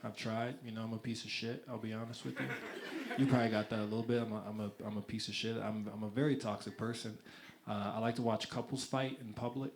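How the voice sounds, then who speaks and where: Stand-up comic, laughing club crowd. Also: male voice, fairly low pitch, flat delivery, fast, very noisy. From United States. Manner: loose, conversational delivery with frequent restarts and acted-out voices. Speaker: stand-up comedian. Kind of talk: live stand-up set. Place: comedy club stage. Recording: live club recording with clear crowd laughter.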